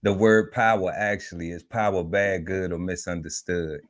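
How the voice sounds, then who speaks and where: A man with a very low voice opens and steers a live talk show. He talks in a relaxed, informal way, often restarting his sentences. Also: normal speed. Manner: relaxed, repeats and restarts, leads with set segments. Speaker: podcast host. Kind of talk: casual live podcast hosting.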